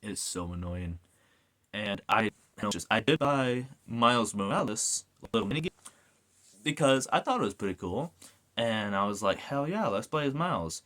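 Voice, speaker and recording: A man's voice: fairly low pitch, moderate pace. A man giving a casual ranting video review, swearing often and going off on tangents. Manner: animated, swears a lot, goes off on rants.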